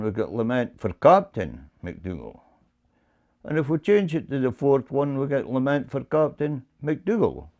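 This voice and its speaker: A man teaching bagpipe music, explaining in a measured way and often repeating words as he goes. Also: medium pitch, darkish tone. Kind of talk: explaining to camera.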